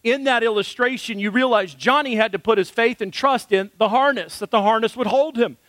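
Brief: male pastor, high voice, dry close sound, chatty storytelling sermon with ums and uhs. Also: brisk, fairly bright tone, no room sound. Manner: conversational, frequent fillers.

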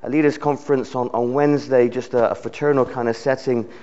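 A man's voice: mid-range voice, fairly even intonation, a little fast, mellow, muffled recording. A man, a visiting preacher giving a sermon in a church in an earnest way, often repeating words as he builds his phrases. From United Kingdom. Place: church service.

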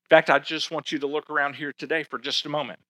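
A man preaching a sermon as pastor, slowing down to stress key words. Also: on the high side, little pitch movement, fairly bright tone, dry recording. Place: church sanctuary.

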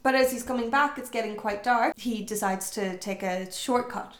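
A woman's voice: on the high side, normal speed. A woman telling a folk tale to friends, acting out the characters' voices with lots of energy. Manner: lively, acts out voices, laughs often. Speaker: storyteller. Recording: roomy echo.

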